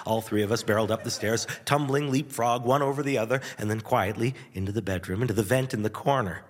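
A man hosting a radio show, telling a nostalgic story in a wry, animated way with chuckles and dramatic pauses. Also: fairly low pitch, long reverb tail. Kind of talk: nostalgic first-person storytelling.

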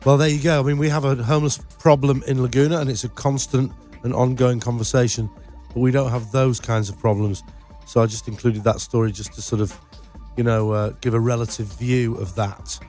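A man's voice: medium pitch, fairly even intonation, a little fast, a little mellow, soft background music. A man co-hosting a radio show, chatting casually with dry sarcasm and loose, rambling sentences. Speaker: radio co-host. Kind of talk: casual chat with sarcastic commentary.

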